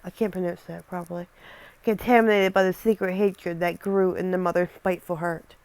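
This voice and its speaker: A woman's voice: fairly low pitch, fairly even intonation, brisk, darkish tone, dry recording. A young woman reading a scary story aloud and breaking off for casual, rambling asides, often stumbling over words.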